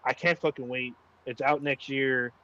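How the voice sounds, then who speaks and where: A man's voice: mid-range voice, fairly even intonation, normal speed, pushed and bright, lo-fi sound. A man co-hosting a casual gaming chat, rambling with lots of fillers and swearing. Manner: rambling, profane, frequent fillers. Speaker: podcast co-host.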